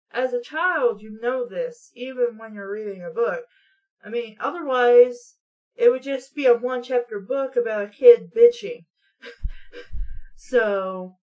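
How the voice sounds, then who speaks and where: A woman's voice: a little high, a little mellow, poor audio. A woman hosting a book-reading channel, giving sarcastic commentary and swearing casually. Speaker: booktube host.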